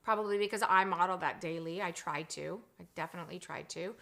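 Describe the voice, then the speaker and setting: A woman in her forties hosting a casual live stream, chatty and reading out viewer comments, swinging between animated and hushed talk. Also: medium pitch, brisk, creaky, hardly any pauses. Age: 40s.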